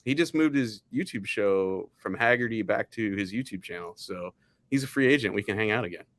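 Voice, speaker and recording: A man who is the guest, telling animated stories in casual chat and laughing at himself often. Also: lowish voice, brisk, no room sound.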